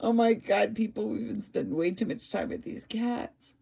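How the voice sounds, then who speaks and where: A woman's voice: medium pitch, normal speed, creaky, warm tone, breathy edge. A woman chatting casually at home while filming her cats, laughing often and talking to them.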